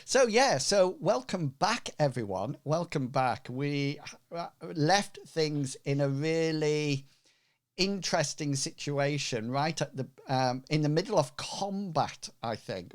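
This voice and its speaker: A man running a tabletop game as game master, talking casually and hesitantly with many fillers. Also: on the high side.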